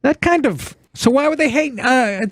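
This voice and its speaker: A man's voice: normal speed, dry recording. A man hosting a podcast, chatting casually and exclaiming with big swings in his voice. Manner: animated, exclaiming, swooping pitch. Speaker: podcast host.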